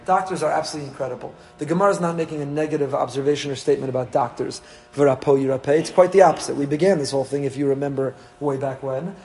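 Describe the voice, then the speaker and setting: A man's voice: a little high, racing, a little mellow, rough recording. A man, a rabbi giving a Torah class to his congregation, mixing Hebrew terms into English.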